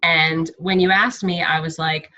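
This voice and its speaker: A woman's voice: low voice, steady tone, measured pace, bright, forceful tone. A middle-aged woman coach sharing personal stories on a team call, candid and self-conscious, laughing often. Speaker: guest speaker, fitness coach. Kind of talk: casual talk on a team video call. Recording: dull lo-fi call audio.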